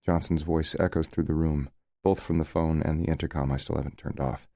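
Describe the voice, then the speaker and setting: A man's voice: very deep voice, little pitch movement, a little fast, creaky, mellow, no echo. A man narrating a first-person romance audiobook in a wry, conversational way, recorded close to the mic.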